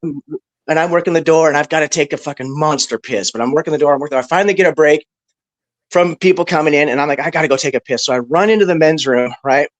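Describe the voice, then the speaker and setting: A man on a discussion panel telling a story casually, animated and profane, with lots of "bro" and "right". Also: a little high, quick pace, no room sound, low-quality recording.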